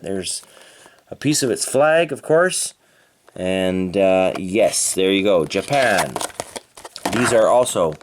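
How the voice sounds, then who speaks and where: A man's voice: lowish voice, slight background noise. A man from Canada narrating an unboxing of die-cast toy cars with enthusiastic, playful exclamations. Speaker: toy car reviewer.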